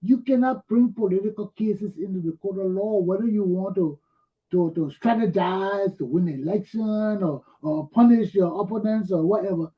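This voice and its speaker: A man hosting a talk show, giving animated political commentary full of rhetorical questions and mimicked voices. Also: sits high, moderate pace, lo-fi sound. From Liberia.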